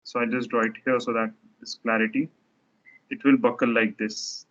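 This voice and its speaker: A man's voice: medium pitch, little pitch movement, normal speed. Man lecturing on structures, muffled audio. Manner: explains step by step while drawing, with frequent restarts.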